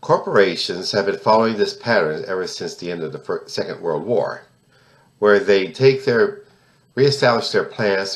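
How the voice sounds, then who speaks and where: In an echoey room, a man of about sixty from the United States speaks to camera in a lowish voice. He delivers political commentary with emphatic indignation, often repeating words and restarting sentences.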